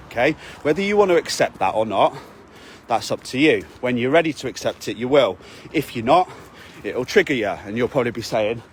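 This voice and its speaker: A man's voice: mid-range voice, expressive, brisk, a little hiss or hum. A man, a fitness coach, giving a blunt, sweary motivational talk to his camera while out walking, often asking "okay?". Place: outdoors on a walk.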